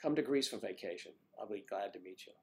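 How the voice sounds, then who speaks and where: An older man hosting a casual livestream, chatting warmly with viewers by name and rambling through stories. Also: on the low side, animated, fast, background noise. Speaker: livestream host reading viewer comments. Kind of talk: casual chat.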